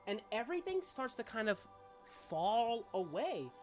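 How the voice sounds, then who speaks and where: A woman's voice: on the high side, big pitch swings, measured pace, a little mellow, faint music behind. A young adult woman narrating a tabletop game as game master, casual and rambling with fillers and swearing.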